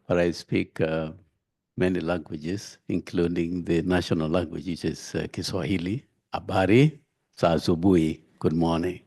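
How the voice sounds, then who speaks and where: Man with a low, gravelly, dark voice. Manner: opens with a greeting in another language, then speaks plainly. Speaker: course participant. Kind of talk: self-introduction at a course.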